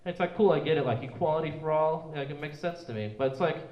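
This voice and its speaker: A man's voice: a little high, fast talker, dull audio. A young man doing a stand-up comedy set in a small club, rambling and restarting his words as he goes. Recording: echoey club room.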